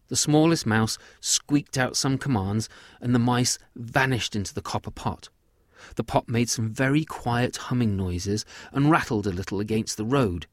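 A man telling his own children's sci-fi story in a lively, gentle way. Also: lowish voice, no room sound, clean studio sound.

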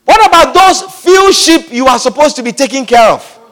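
A preacher acting out an angry scornful older brother. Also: male voice, extremely high pitch, animated, normal speed, fairly bright tone, voice pushed up, exaggerated voice. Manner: demanding, accusing. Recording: echoey hall reverb.

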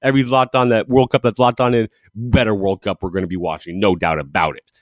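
Talking fast in a fairly low voice with fairly even intonation, a football show host runs through results with eager, rambling enthusiasm, often restarting and correcting himself. It's a casual sports monologue recorded with studio quality and no echo.

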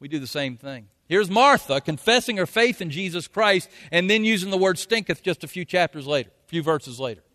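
A man's voice: high voice, animated, brisk, few pauses. Man preaching in an echoing hall. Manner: folksy, rises to loud acted quotes. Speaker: pastor. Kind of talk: sermon. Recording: long hall reverb.

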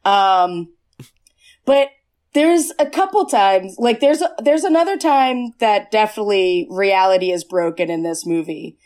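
A woman's voice: mid-range voice, lively intonation, unhurried, darkish tone. A woman podcast host chatting casually about a movie, rambling with many fillers and restarts.

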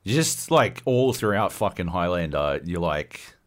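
A man's voice: low voice, measured pace, hardly any pauses. A man co-hosting a casual podcast, ranting loosely and swearing a lot. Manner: profane, animated ranting. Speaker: podcast co-host.

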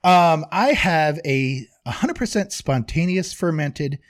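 A man's voice: on the high side, expressive, slow. A middle-aged man chatting casually as a podcast co-host, rambling with restarts and frequent laughs. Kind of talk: casual chat.

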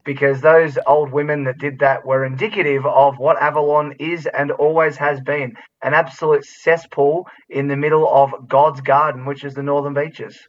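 Australian man, podcast co-host, blunt, slightly high voice, distant muffled recording. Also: flat delivery, normal speed, few pauses. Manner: blunt, provocative, musing. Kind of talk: casual podcast banter. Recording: distant, dull lo-fi sound.

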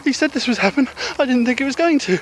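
A woman's voice: high-pitched, lively intonation, very fast, a little hiss or hum, low-quality recording. A woman playing a frightened man whose memory is falling apart, in an amateur audio drama, talking in panicky, tearful bursts. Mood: panicked. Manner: breathless, panicky, tearful pleading. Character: confused frightened man losing his memory.

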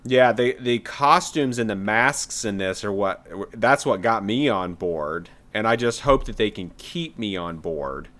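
A man's voice: fairly low pitch, lively intonation, a little slow, few pauses, a bit bright. A young adult man co-hosting a podcast, introducing trailers in a casual, laid-back way. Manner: laid-back, says "man" and "yeah" a lot. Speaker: podcast co-host presenting trailers. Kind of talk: casual chat.

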